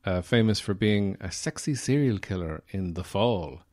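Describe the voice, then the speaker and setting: Irish male podcast host, lowish voice, casual rambling delivery, filler-heavy, dry self-mocking humor. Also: lively intonation, normal speed, darkish tone. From Ireland. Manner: rambling and digressive, many "uh" fillers; wry, self-deprecating humor. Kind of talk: casual solo podcast talk.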